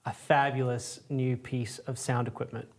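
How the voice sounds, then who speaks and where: A man's voice: medium pitch, little pitch movement, moderate pace. A man hosting a live-stream painting class, talking casually with lots of fillers. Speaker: art instructor and host.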